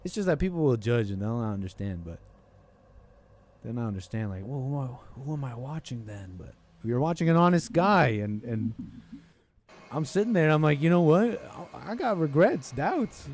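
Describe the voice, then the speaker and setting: Very animated and moderately paced, a man with a medium-pitched, darkish voice hosts a call-in podcast. He tells a loose, rambling story in casual talk-show style, laughing along and repeatedly interrupting himself partway through sentences.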